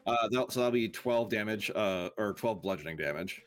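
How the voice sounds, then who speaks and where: A man's voice: fairly low pitch, moderate pace. A man playing a tabletop game who talks hesitantly, with many fillers. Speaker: player.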